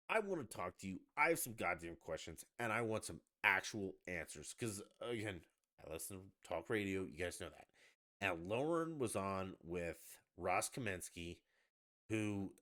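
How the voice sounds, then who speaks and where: Low-voiced guy hosting a podcast stream, swearing a lot and ranting loud. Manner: profane, ranting, animated outbursts. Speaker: podcast host. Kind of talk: casual livestream rant.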